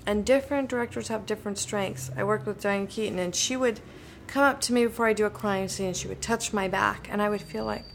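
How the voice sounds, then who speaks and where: A woman's voice: mid-range voice, steady tone, a little fast, creaky, few pauses, slight background noise. A woman actor and director, reflecting in conversation and acting out remembered dialogue with animation.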